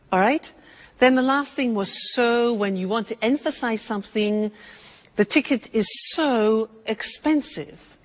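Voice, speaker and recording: Lady teacher explaining english words, slow and super lively voice. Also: on the high side. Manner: clear, deliberate, expressive teaching.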